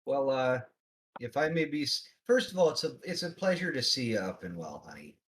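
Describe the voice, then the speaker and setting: A man's voice: medium pitch, big pitch swings, fairly quick, a bit bright, a little hiss or hum. A man playing in a tabletop game, speaking in character in a polite, formal, hesitant way. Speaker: player. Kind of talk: in-character roleplay.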